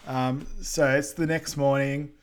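A man's voice: mid-range voice, little pitch movement, unhurried, clear, resonant tone. A man, co-hosting a casual podcast, recapping a film in an easygoing way. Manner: easygoing, lots of ums and agreeing murmurs. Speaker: podcast co-host.

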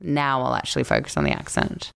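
A woman in her thirties with an Australian accent talks fast in a bass, smooth voice with vocal fry. As a podcast guest in casual chat, she's a candid, animated storyteller.

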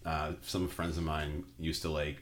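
A man with a very low voice rambles through his stories in an easy, laid-back way. He mixes slang and swearing into the casual back-and-forth of a podcast. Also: flat delivery, unhurried. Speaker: podcast co-host.

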